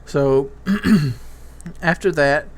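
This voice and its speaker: Man, casual commentary, rambling, restarts, slightly high voice. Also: drawn-out words. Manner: rambling, repeats words and restarts; candid parenting storytelling. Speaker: YouTube commentator.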